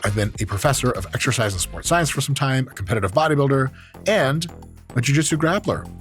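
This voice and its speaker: A man's voice: medium pitch, lively intonation, quick pace, fairly bright tone, soft background music. A man who is an exercise science professor, hosting and giving joking, profane commentary on training clips. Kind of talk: casual commentary on training videos.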